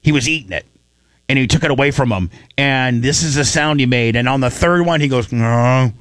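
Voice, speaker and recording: Animated radio host man. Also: mid-range voice, fairly quick, dry recording. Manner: animated storyteller, acts out quotes. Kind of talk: casual chat, storytelling.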